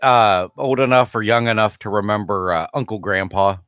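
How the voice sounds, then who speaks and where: A man's voice: fairly low pitch, fairly bright tone, clear, resonant tone, dry recording, clean studio sound. A young man co-hosting a podcast, chatting easily and laughing along. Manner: easygoing, chatty, quick to laugh. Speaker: podcast co-host. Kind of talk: casual chat.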